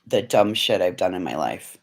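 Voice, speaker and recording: Casting: chatty home vlogger, a woman with a lively, swooping delivery; loose, frank and sweary. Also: rumbling low, moderate pace, breathy edge. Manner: rambling, frank, swears freely. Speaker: vlogger chatting with live viewers. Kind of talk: casual livestream chat. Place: at home indoors, living room.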